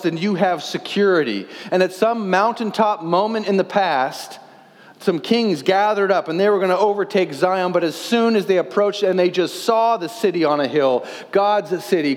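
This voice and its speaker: A man's voice: high voice, in a large hall. A man in his thirties, a pastor, preaching a sermon earnestly, posing questions and reading scripture aloud.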